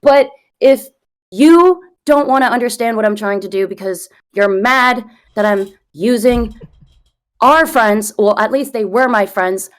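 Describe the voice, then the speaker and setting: A woman's voice: a little high, measured pace. A woman in her early thirties on a voice call, arguing heatedly, rambling, swearing and defending herself. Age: early 30s. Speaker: content creator being interviewed. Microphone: computer mic on a voice call.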